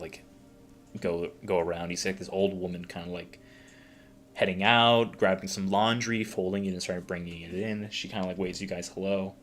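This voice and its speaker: Low-ish bright guy rambling as a game master, music faint behind. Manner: casual, rambling with many fillers. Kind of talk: narrating a tabletop game.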